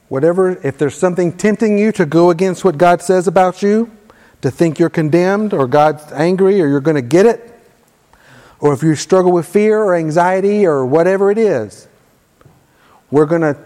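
Man preaching in a reverberant hall. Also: on the high side. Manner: leads call-and-response prayer, forceful commands. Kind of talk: sermon teaching.

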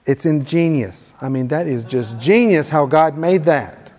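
A man preaching a sermon, leading the room in call-and-response prayer with forceful commands. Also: fairly high pitch, animated, a little slow, soft background music. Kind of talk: sermon teaching. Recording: long hall reverb.

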